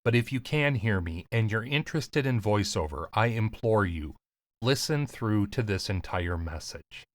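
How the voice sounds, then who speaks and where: A man with a slight lisp, coaching on voiceover in an earnest, emphatic talk to camera with deliberate pauses. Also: on the low side, lively intonation, no echo. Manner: casual, swears lightly. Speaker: voiceover coach and podcast host.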